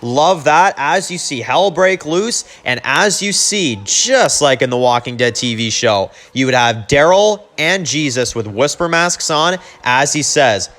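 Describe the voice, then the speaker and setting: A man's voice: medium pitch, animated, a little slow, few pauses, a bit bright. A man casually recapping and rewriting a TV episode, rambling with lots of "you know" and "like" fillers and reading character lines in his own plain voice. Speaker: TV episode reviewer.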